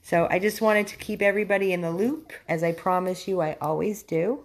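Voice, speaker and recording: A woman volunteering at a dog rescue, giving a casual video update to followers and slipping into high baby talk with a dog. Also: brisk.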